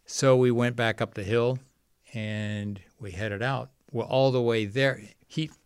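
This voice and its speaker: A man's voice: medium pitch, steady tone, unhurried, smooth, no room sound, studio quality. A middle-aged man telling a long story as a guest in a podcast interview, often quoting others. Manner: rambling anecdotal storytelling, quotes others. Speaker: guest, founder of a water nonprofit.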